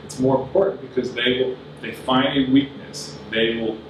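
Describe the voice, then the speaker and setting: An earnest man gives straight business advice to a conference crowd. His voice sits at an ordinary middle pitch. It comes from a distance in a very reverberant hall, with a steady hum of noise underneath. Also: moderate pace. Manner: earnest, plain-spoken, advising the audience directly. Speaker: conference speaker. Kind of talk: business talk at a summit. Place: large conference room. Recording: very echoey hall, voice from far off, audible noise.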